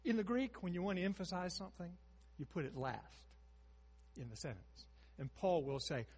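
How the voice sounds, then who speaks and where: A man in his sixties preaching a sermon, moving between hushed storytelling and emphatic rises. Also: sits high, moderate pace, slightly rough, long reverb tail.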